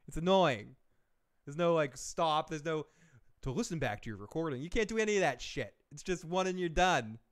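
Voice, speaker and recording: A man's voice: fairly high pitch, lively intonation, normal speed. A man hosting a live stream, rambling in casual chat with profane, chuckling asides. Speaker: show host.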